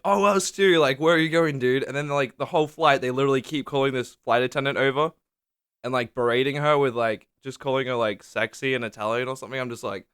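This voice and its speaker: A man's voice: mid-range voice, a bit bright, smooth, dry recording, clean studio sound. A young man telling rambling, swear-laden travel stories to camera in a casual vlog, leaning hard on "like". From Australia. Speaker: vlogger. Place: small indoor room under a lamp.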